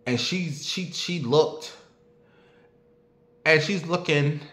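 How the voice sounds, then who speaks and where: A man's voice: a little high, slow pace, fairly bright tone. A man telling a story in a casual, sassy and profane rant, imitating barking dogs as he goes. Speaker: online commentator. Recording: roomy echo.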